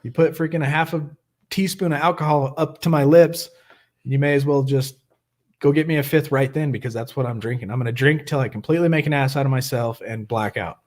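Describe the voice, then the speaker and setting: A man's voice: mid-range voice, fairly quick, darkish tone. A man hosting a live recovery meeting over webcam, in casual chat, joking and laughing often.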